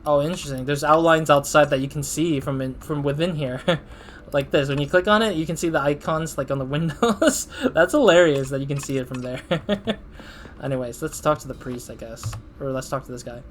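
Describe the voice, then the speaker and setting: A man's voice: a little high, fairly quick, a little hiss or hum. Chatty man narrating his gameplay. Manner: chatty, laughs at himself, thinks aloud. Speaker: gaming channel host. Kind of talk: casual let's-play commentary.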